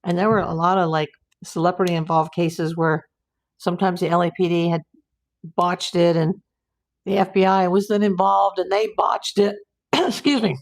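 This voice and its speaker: A woman's voice: on the low side, fairly even intonation, moderate pace. A woman, a private investigator, hosting a casual live stream from home and chatting as she answers viewer comments aloud.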